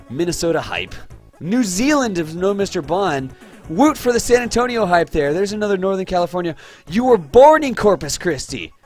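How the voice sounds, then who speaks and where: A man from Texas hosting a livestream, excitedly thanking viewers and reading their names and places aloud from the chat. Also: high voice. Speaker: livestream host. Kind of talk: live-stream chat shout-outs.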